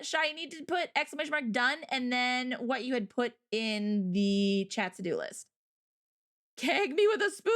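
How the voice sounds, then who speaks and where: Woman, livestream host, casual rambling chat, slightly high voice, quick to laugh. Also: pushed and bright. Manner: chatty and rambling, breaks into laughs. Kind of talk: casual chat reading viewer comments.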